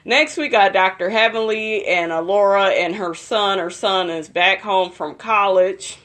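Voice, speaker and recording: A woman's voice: medium pitch, a little slow, a bit bright. Gossipy, foul-mouthed woman recapping reality TV. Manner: profane, gossipy, addresses viewers as y'all. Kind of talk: casual episode recap.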